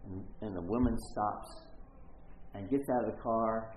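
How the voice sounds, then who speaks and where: A man's voice: on the low side, steady tone, measured pace, darkish tone, a little hiss or hum. A middle-aged man teaching a Bible story in a conversational, rambling way, often interrupting himself. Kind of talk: storytelling sermon. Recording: echoey phone-like recording.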